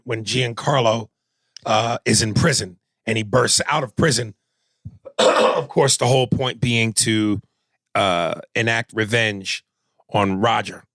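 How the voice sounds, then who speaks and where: A man's voice: fairly low pitch, fairly bright tone, no room sound. A man co-hosting a podcast in casual chat, recapping scenes at length in a conversational way. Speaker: podcast co-host.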